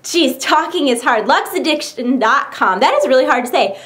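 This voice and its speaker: Bubbly young woman vlogger, slightly high voice, gushing casual show-and-tell. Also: lively intonation, moderate pace, hardly any pauses, a bit bright. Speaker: YouTuber.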